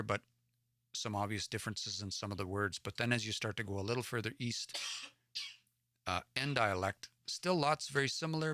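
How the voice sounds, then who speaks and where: This Edmonton-area man from Alberta, Canada, reads Cree stories on a livestream, translating each word and sounding out the ones he's unsure of. His voice sits on the low side yet sounds bright and forceful, with clean studio audio and no echo.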